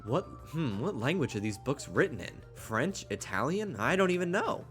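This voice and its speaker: A man's voice: fairly high pitch, big pitch swings, moderate pace, fairly bright tone, faint music behind. A stuffed-up man streaming, reading game dialogue aloud with playful asides and stumbles over tricky words. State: stuffed up, congested.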